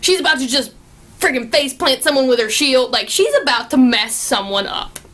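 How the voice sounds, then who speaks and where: A young woman reviewing a movie in casual chat, gushing and excitable, swearing freely and filling her talk with fillers. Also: sits high, moderate pace.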